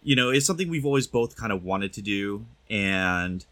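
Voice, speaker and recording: A man's voice: on the low side, lively intonation, normal speed, fairly bright tone. A man hosting a podcast in an easygoing, joking way. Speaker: podcast host. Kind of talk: casual podcast chat.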